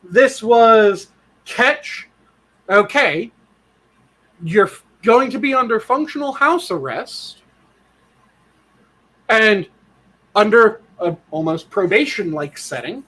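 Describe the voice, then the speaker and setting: A man with a high voice talks in casual podcast chat. He is blunt and swears freely. He explains his points at length. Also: lively intonation, slow, pauses often, bright, forceful tone, low-quality recording. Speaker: podcast co-host.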